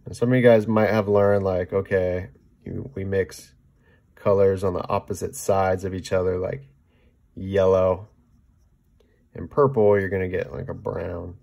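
Low gravelly guy doing a chill painting lesson, keeps saying okay?, kinda mumbly while he mixes. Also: measured pace. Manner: relaxed, chatty, often checks in with "okay?"; talks while mixing paint, trailing off softly. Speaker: painting instructor. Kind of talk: casual painting demonstration.

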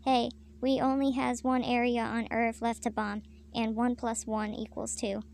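A dim-witted henchman chatters eagerly in a gravelly voice, as a woman reads him. The delivery is flat. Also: fairly high pitch, moderate pace. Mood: goofy.

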